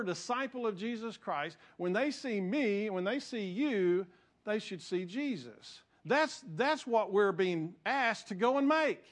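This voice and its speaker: Male pastor, high voice, earnest sermon delivery. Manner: earnest preaching, calls on congregation.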